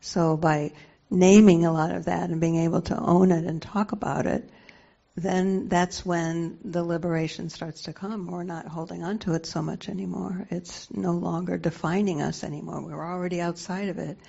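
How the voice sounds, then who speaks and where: A soft-voiced woman leading a reflective group sharing, speaking thoughtfully with many pauses and fillers, on a muffled lo-fi recording. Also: fairly low pitch, fairly even intonation, creaky, breathy edge. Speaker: group facilitator.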